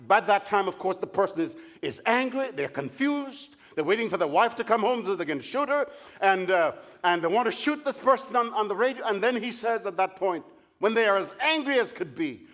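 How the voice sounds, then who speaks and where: Preacher, male, fairly high-pitched, story-driven sermon delivery with acted-out dialogue. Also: lively intonation, brisk, a bit bright. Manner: storytelling, acts out dialogue in different voices. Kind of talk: Bible study sermon. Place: large meeting hall or tent.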